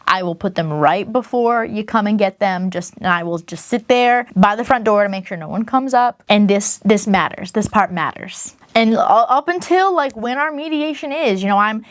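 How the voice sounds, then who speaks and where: A young woman vlogger telling her own story in a chatty, quick way, full of asides and self-corrections. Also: mid-range voice, dry recording. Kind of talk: casual storytime monologue.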